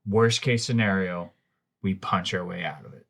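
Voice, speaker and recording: A man playing a tabletop game who lays out plans in quick, decisive statements. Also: deep voice, gravelly, a bit bright.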